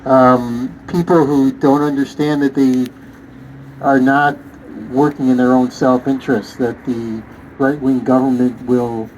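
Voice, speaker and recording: A man's voice: medium pitch, level tone, measured pace, darkish tone, a little hiss or hum, poor audio. A man at a vigil speaking sadly and reflectively to the crowd. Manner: sad, reflective. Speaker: vigil attendee. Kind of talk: impromptu remarks to a crowd.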